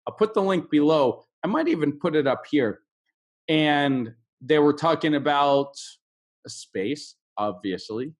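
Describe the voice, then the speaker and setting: Slow-paced man teaching English. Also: fairly high pitch, lively intonation. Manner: slow, drawn-out drills of stressed words. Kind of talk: online English lesson.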